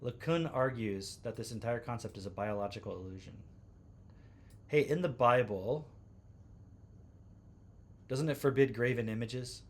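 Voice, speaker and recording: A man's voice: mid-range voice, a little slow, pauses often. Sarcastic male livestream host. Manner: sarcastic, incredulous asides. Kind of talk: livestream commentary reading posts aloud.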